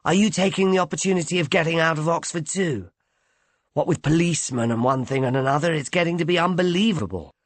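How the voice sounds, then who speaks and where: A man's voice: a little high, quick pace, no room sound, voice pushed up, lightly acted. A man voicing a chatty, sociable young woman with a breezy, exasperated manner.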